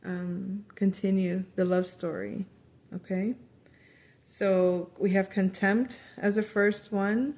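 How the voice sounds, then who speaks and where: A woman giving a casual spoken tarot reading to her viewers, chatty and animated, often quoting lines of dialogue and trailing off into fillers and restarts. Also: medium pitch, takes it slowly. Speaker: tarot reader.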